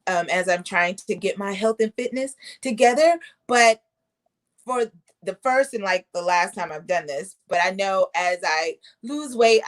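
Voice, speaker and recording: A woman hosting a casual video-call conversation, chatty and animated as she tells stories. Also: medium pitch. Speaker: host.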